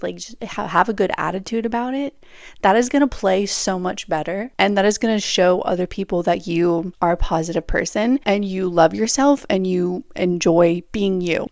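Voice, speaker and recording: A young woman giving casual podcast advice in a lively, chatty voice. Her tone has a gravelly fry running through it, and she laughs often and acts out little quotes. The sound is dry and close. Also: medium pitch, dry recording. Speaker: podcast host.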